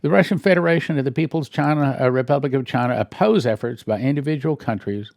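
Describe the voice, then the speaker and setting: Gravelly man reading news with wry asides. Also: mid-range voice, fast talker, darkish tone, no echo, clean studio sound. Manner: thinks aloud with restarts and questions. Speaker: church minister commenting on news. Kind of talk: reading headlines with commentary.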